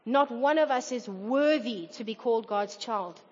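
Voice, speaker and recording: A woman's voice: a little high, normal speed, a little mellow. A woman preaching a sermon to a congregation in an earnest tone, sometimes acting out quoted voices. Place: church hall. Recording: dull reverberant hall recording.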